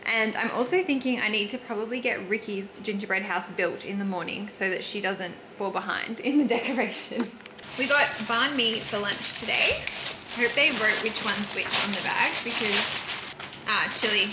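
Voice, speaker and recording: A young Australian woman chatting casually and upbeat to the camera in a vlog. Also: a little high. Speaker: vlogger. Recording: clear background noise.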